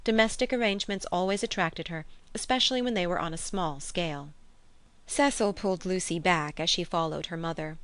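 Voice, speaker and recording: Low-voiced woman narrating. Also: brisk, fairly bright tone, dry recording. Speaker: audiobook narrator. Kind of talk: scripted narration of a classic novel.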